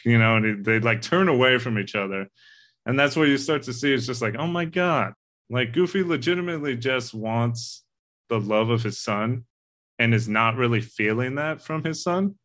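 A man's voice: mid-range voice, moderate pace, sharp tone. A man co-hosting a casual movie discussion, talking in an earnest, rambling way and swearing casually. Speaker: podcast co-host.

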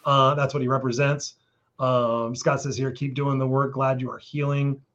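A man hosting a live interview, reacting warmly and reading viewer comments aloud, choked up at times. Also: mid-range voice, little pitch movement, normal speed, lo-fi sound. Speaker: host of live stream.

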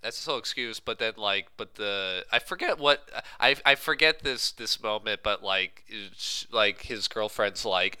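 A man co-hosting a casual movie recap, rambling with many fillers and restarts, trailing off quietly at the ends of thoughts. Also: fairly low pitch, measured pace, few pauses, smooth, no room sound. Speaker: podcast co-host.

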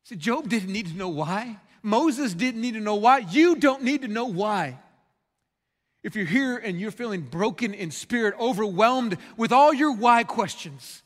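A male pastor preaching a sermon, impassioned and swinging between loud outbursts and hushed, quiet passages. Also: high-pitched, lively intonation, moderate pace, in a large hall.

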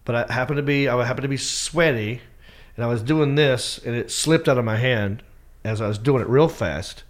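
A man's voice: mid-range voice, normal speed. A man, a stand-up comedian, telling a story on a podcast and acting out his own lines in a raised voice. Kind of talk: animated storytelling.

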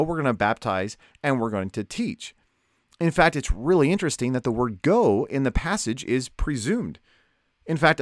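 A man teaching a lesson on Bible study in a lively, conversational way, asking rhetorical questions. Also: mid-range voice, dry recording, clean studio sound.

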